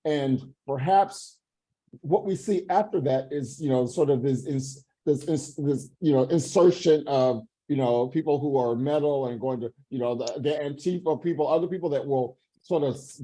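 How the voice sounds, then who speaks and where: A man's voice: mid-range voice, moderate pace, warm tone, slightly rough, rough recording. A man on a panel talking in a rambling way with many fillers over a video call. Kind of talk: panel discussion.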